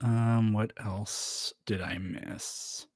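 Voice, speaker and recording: A man's voice: lowish voice, steady tone, drawn-out words, a little mellow, husky, dry recording, studio quality. A man chatting casually on a livestream, rambling with lots of fillers and restarts. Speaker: streamer.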